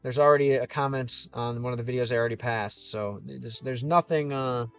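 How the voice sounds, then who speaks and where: With a clear, resonant, medium-pitched voice, a streamer talks briskly and steadily while going through viewers' comments live. He's casual and meandering, often cutting himself off and starting over. A game soundtrack hums faintly underneath.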